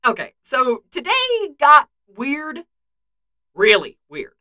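Woman reading a teasing young male archer; bright, animated, self-mocking. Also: sits high, slow pace, voice pushed up, heavily acted. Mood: rambling.

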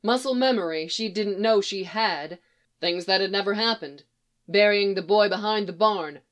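A woman reading a story aloud in a measured, somber narration. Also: medium pitch, a bit bright. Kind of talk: audiobook narration.

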